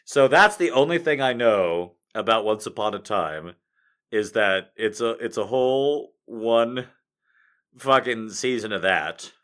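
A man doing a profane, exasperated stand-up rant, mocking what he describes with quick impressions. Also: medium pitch, fairly bright tone. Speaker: comedian.

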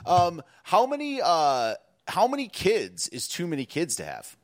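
A laid-back man hosting a livestream, slightly high-pitched, with a voice that rises and falls a lot. He keeps it casual and self-mocking, peppered with "dude.". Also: wildly swooping pitch, unhurried. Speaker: stream host.

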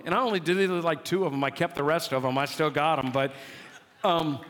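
A man preaching a sermon as a pastor, telling a story in an animated, exclaiming, dramatic way. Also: fairly high pitch. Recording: long hall reverb.

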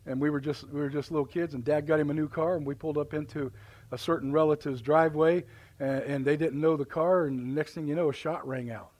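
Brief: middle-aged man, folksy live sermon, halting restarts, higher voice. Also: steady tone, darkish tone. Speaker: preacher. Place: church sanctuary.

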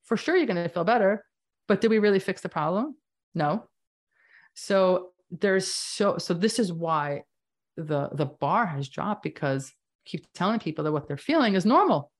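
A woman in her fifties, a doctor speaking as a podcast guest, talking emphatically in animated bursts. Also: lowish voice, normal speed. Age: 50s. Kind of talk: casual interview talk.

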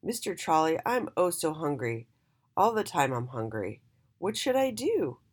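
A woman voicing Mister H, a gentle, always hungry male letter in a children's storybook. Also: low voice, big pitch swings, measured pace, husky, exaggerated voice. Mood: plaintive.

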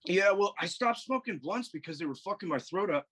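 A man with a slightly raised, husky voice tells rambling, swear-laden stories as a podcast guest. He talks over a video call in a loose, casual chat. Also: high voice, lively intonation, brisk, fairly bright tone, rough recording. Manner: profane, rambling storyteller.

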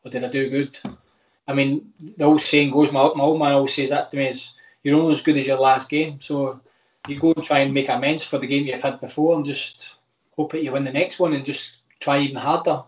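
A man's voice: mid-range voice, flat delivery, a little fast, echoey room, highs cut off. A Scottish man in his thirties, a footballer chatting frankly on a podcast with many restarts. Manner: rambling, frank, with lots of restarts. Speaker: footballer guest. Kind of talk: casual podcast chat.

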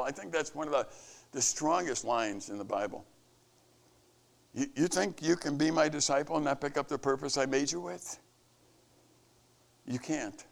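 A man's voice: moderate pace, vocal fry, pauses often. A man giving an earnest devotional message to camp staff, preaching with rising and falling emphasis. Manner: earnest, preaching, rises and falls in pitch. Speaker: camp leader.

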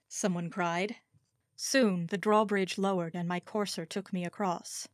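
Slow, expressive woman narrating a story. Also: on the low side, no room sound, studio quality. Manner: measured, expressive first-person reading. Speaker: audiobook narrator.

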